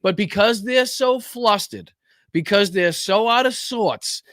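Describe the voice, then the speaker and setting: A man's voice: sits high, slow, fairly bright tone, no room sound, studio quality. A man with a Boston accent hosting a podcast, mocking news clips with lots of swearing and laughter. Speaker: podcast host. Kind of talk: profane political commentary over clips.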